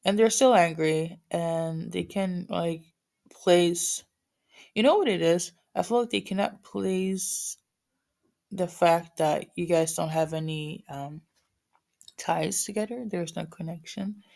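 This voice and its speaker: Gravelly low-voiced woman giving a reading. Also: slow pace, a little mellow. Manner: rambling, many fillers and restarts. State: morning voice. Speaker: spiritual reader. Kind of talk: casual channeled reading.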